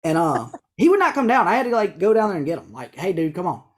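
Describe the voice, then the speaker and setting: A man, a guest telling an animated hunting story and acting out the dialogue. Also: high voice, quick pace. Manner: animated, laughing storyteller who acts out dialogue. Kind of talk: casual storytelling chat.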